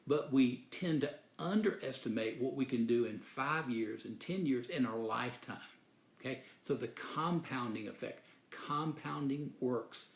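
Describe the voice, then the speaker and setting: A man's voice: mid-range voice, animated, normal speed, vocal fry. Earnest man telling a story, roomy echo. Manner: earnest, repeats phrases for emphasis. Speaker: speaker giving a motivational talk. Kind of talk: sermon-style storytelling talk. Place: Dallas, Texas.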